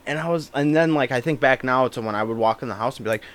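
A man's voice: mid-range voice, fast talker. A young man telling a story in casual chat on a podcast, often breaking into laughter. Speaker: podcast co-host.

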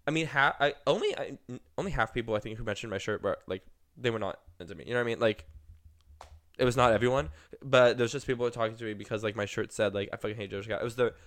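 A man's voice: medium pitch, fast talker, dry recording. A young man co-hosting a podcast, telling stories in casual chat, rambling with plenty of fillers and acting out what other people said. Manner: rambling, filler-heavy storytelling with many 'like's; animated, acts out quoted people. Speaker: podcast co-host.

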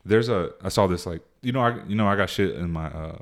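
A young man with a deep, low voice hosts a comedy podcast. He talks casually, joking and cursing with his friends. His delivery is playful and loose. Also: a little fast, creaky. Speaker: podcast host. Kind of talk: casual chat.

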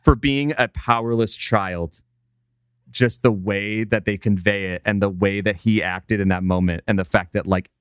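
Deep-voiced man, casual profane chat. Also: moderate pace, smooth, dry recording, clean studio sound. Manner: profane, animated retelling of an anime scene with many fillers. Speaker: podcast co-host.

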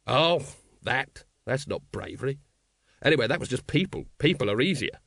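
A man voicing a bitter, weary male watch captain who speaks gruffly and dryly, in an audiobook reading. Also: mid-range voice, expressive, moderate pace, fairly bright tone, no echo. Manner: gruff, dry.

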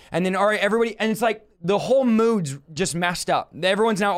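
A man preaching a fervent Bible teaching, impassioned, with rhetorical questions and bursts of shouting. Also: high voice, fast talker, few pauses.

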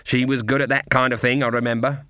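A man puts on a sharp-tongued old witch woman who barks short, commanding lines. Her voice sits a touch higher than his own. The reading is dry and close. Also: level tone, fast, no room sound, natural voice. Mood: stern. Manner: curt, commanding.

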